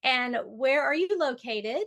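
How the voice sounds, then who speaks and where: A woman's voice: sits high, unhurried, fairly bright tone. A woman interviews a guest on her podcast in an easy, casual way. She is playful and laughs often between questions. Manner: chatty and playful, laughs easily. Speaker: podcast host.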